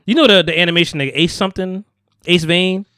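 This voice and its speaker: High-voiced man recapping a movie. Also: fast, clear, resonant tone, dry recording, studio quality. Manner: animated, profane movie recap, acting out characters' lines. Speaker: podcast host. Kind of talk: casual chat.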